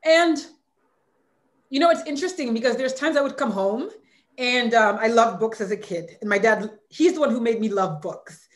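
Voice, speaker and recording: A woman's voice: a little high, lively intonation, a little fast, echoey room. A woman in her forties, an author speaking candidly and with heartfelt emotion in an interview. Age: 40s. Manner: candid and heartfelt, near tears at times. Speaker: author and former hurdler, guest.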